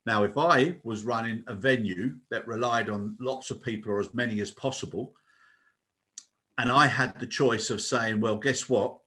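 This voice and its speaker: Older guy on a podcast, husky voice, earnest and persuasive. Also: medium pitch, moderate pace, bright, forceful tone. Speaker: co-host. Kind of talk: casual podcast chat.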